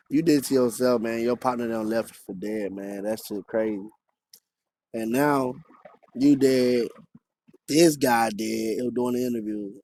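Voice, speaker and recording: A man's voice: mid-range voice, a little slow, a little hiss or hum. A man giving casual reaction commentary in an incredulous, slangy manner. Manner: incredulous, slangy, trails off quietly. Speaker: reaction video host.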